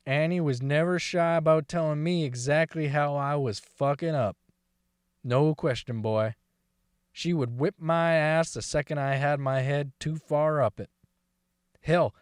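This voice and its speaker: Gruff, stubborn old farmer, read by a man, cursing and rambling in a folksy storytelling monologue. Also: on the high side, no echo, clean studio sound, close to an everyday voice. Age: older. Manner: folksy, rambling, heavy cursing, keeps saying "boy". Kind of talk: dramatic monologue reading.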